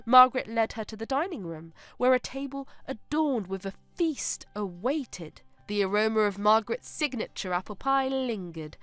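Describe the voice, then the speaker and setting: A woman narrating a sentimental family story in a smooth, steady reading with a fairly high voice. It is recorded dry and close, with soft music playing underneath. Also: dry recording.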